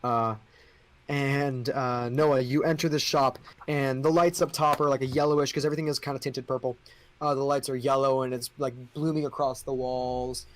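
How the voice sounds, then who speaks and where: A man's voice: medium pitch, flat delivery, normal speed. A man running a tabletop role-playing game as game master, describing scenes in a loose, improvised way with many fillers.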